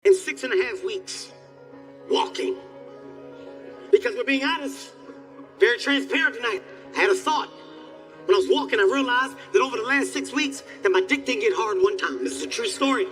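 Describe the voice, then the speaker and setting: A man doing profane, animated stand-up storytelling on stage, jumping into squealing character voices. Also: extremely high pitch, normal speed, pauses often, soft background music. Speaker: stand-up comedian. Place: comedy stage.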